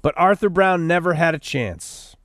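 Fiery high-pitched male commentator. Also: expressive, moderate pace, fairly bright tone, dry recording, clean studio sound. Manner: sarcastic, preachy, rising to fiery outbursts. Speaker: radio host. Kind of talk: opinionated news commentary.

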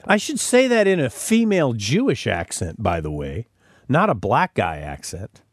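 A man's voice: medium pitch, huge pitch swings, moderate pace, no echo. A man hosting a podcast, delivering emphatic opinionated commentary and often repeating words as he starts sentences. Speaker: podcast host.

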